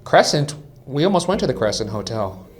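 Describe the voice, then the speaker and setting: A man's voice: mid-range voice, big pitch swings, fairly quick, slight background noise. A man hosting a ghost hunt in an old theater at night, alternating between a half-joking mock-angry improv performance toward a ghost and casual commentary. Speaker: ghost hunting show host.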